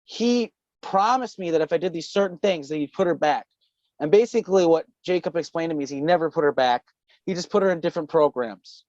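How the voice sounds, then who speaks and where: A man's voice: fairly high pitch, a little fast, a little mellow, no echo. Brief: male guest, rambling casual storyteller, curses freely, dry and dull remote audio. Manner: rambling, profane, laughing often. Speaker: podcast guest.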